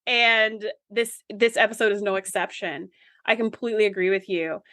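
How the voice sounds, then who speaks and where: A woman's voice: medium pitch, fairly even intonation, moderate pace, bright, forceful tone, no room sound. A woman co-hosting a podcast in casual chat, earnest and emphatic. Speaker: podcast co-host.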